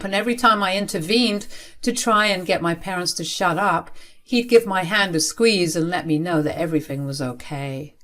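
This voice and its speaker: A young woman telling a first-person story in an emphatic, expressive way. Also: fairly low pitch.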